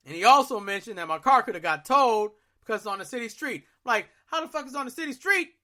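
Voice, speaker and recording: A young podcast host with a bright, sharp voice tells a story in loose, casual chat. He swears freely and jumps into loud, exasperated rants. The delivery is animated and full of attitude. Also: extremely high pitch, fast.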